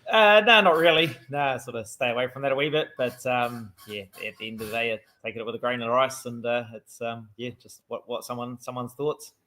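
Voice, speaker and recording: A middle-aged man is interviewed as a guest driver. His voice sits at a normal middle pitch. He answers modestly, hesitating often and filling gaps with ums. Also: fairly quick, hardly any pauses, bright, forceful tone. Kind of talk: casual interview.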